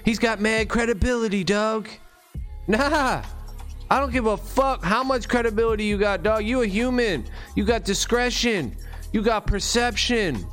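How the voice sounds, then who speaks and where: Profane slangy male ranter, high voice, faint music behind. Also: normal speed, a bit bright. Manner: profane, slangy, rambling and emphatic. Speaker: vlogger on money and bitcoin. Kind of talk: unscripted monologue rant.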